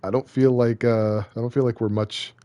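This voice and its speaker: A man's voice: medium pitch, little pitch movement, moderate pace, warm tone, dry recording. A young man streaming a game, chatting casually, joking and rambling, often poking fun at himself. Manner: joking, rambling, self-deprecating. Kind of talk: casual live-stream commentary.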